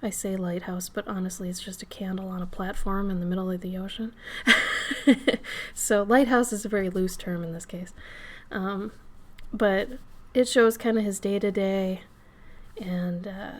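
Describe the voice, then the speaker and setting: A hoarse woman, getting over an illness, chatting casually on a live stream while she draws; her voice crackles and she often drifts into soft whispers, speaking right up close to the mic. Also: mid-range voice, fairly even intonation, normal speed. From Minnesota. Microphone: microphone close to the face.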